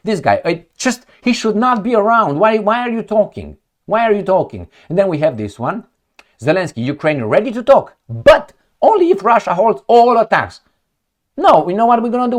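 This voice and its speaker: Sarcastic man, lively pitch. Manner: sarcastic, mocking, heated. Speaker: political commentator. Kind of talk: reading and reacting to news headlines.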